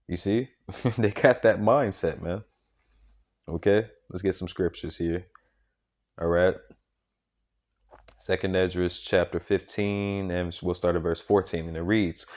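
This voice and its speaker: A man's voice: lowish voice, animated, normal speed, long pauses, a little mellow. A man preaching informally and reading scripture, emphatic and repetitive, tagging lines with "man" and "okay?". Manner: repetitive, restarts sentences often.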